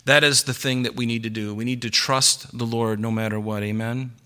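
A man's voice: mid-range voice, steady tone, a little fast, bright, forceful tone, clean tone. A male pastor preaching a Sunday sermon, asking the congregation questions and acting out the Bible stories he reads. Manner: preaching, rhetorical questions, voice rising and falling.

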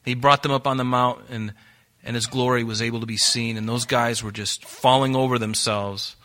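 A man preaching a sermon as pastor, animated and acting out quoted voices. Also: medium pitch, moderate pace.

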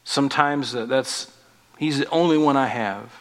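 A man in his forties preaching a sermon as pastor, rising in force on scripture and dropping soft on tender points. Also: medium pitch, normal speed. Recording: long reverb of a large hall.

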